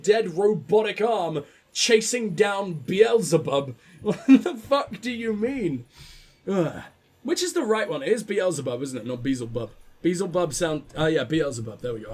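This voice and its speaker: A man hosting a game playthrough, reading in-game text aloud and breaking off for casual, profane, joking asides, often stumbling and restarting his lines. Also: high-pitched. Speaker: let's play host.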